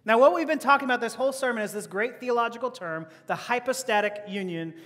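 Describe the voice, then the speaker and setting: A man's voice: very high-pitched, fast, a bit bright. A man preaching a sermon as pastor, conversational, with rhetorical questions and laughing asides. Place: church hall. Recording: long hall reverb.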